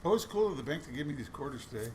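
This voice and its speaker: A man's voice: mid-range voice, big pitch swings, racing, darkish tone, a little hiss or hum. A man chatting casually while going through boxes of coins, telling stories with lots of restarts. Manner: chatty storytelling with many restarts. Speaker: coin roll hunting vlogger.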